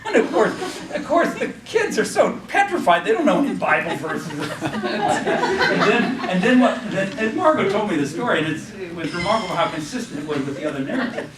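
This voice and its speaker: Man, lecturer, higher-pitched voice, rambling with ums and restarts, roomy echo, distant mic. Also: big pitch swings, fairly quick, hardly any pauses, over a noisy crowd. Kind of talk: classroom lecture with storytelling.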